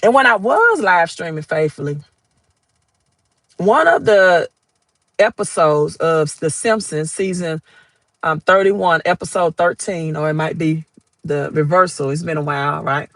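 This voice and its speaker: A man's voice: on the high side, unhurried, fairly bright tone, dry recording, low-quality recording. A man with a Southern US accent giving casual finance commentary, rambling and often checking in with "right?".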